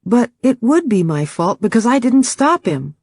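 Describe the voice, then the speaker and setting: A man's voice: extremely high pitch, sing-song, moderate pace, darkish tone, dry recording, clean studio sound, voice pushed up, exaggerated voice. A man reading an audiobook and voicing a tense, affectionate young woman in a raised, pleading tone. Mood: earnest. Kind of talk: audiobook character voice.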